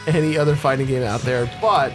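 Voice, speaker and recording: A man appearing as a guest on a couch gaming show, making goofy deadpan jokes. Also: medium pitch, brisk, over music. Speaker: guest player. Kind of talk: casual gaming chat.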